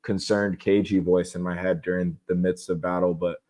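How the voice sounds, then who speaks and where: A man's voice: deep voice, little pitch movement, normal speed, darkish tone. A young man as a podcast guest, talking candidly and casually about how he prepares for competition, with rambling restarts. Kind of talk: casual interview talk.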